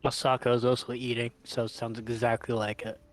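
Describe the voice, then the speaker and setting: A man's voice: mid-range voice, flat delivery, fairly quick, dry recording. A man playing a tabletop game, casual and joking. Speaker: player.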